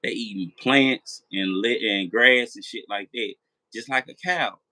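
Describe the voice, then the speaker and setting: A man's voice: on the low side, a little slow, pushed and bright, dry recording, rough recording. A man hosting a late-night live chat, rambling, repeating himself and swearing as he talks straight to his viewers. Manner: rambling, repetitive, profane. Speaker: live stream host.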